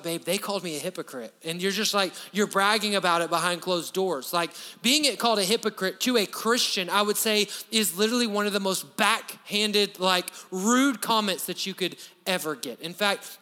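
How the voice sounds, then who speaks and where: A man preaching a sermon as pastor, animated and conversational, full of asides. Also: high-pitched, big-room sound.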